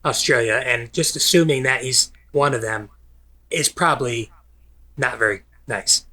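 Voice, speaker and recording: A man's voice: mid-range voice, unhurried, sharp tone. A young man co-hosting a podcast, chatting casually with wry, teasing remarks. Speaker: podcast co-host. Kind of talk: casual chat.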